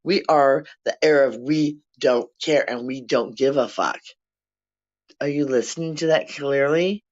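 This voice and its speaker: Older vlogger, profane rambling rant, mid-pitched, lo-fi apartment recording. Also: a little slow. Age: 60s. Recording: dull lo-fi sound.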